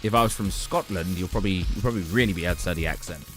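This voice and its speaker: A man's voice: low voice, racing, fairly bright tone, soft background music. A man from England with an English accent, chatting casually and laughing often to a live-stream audience.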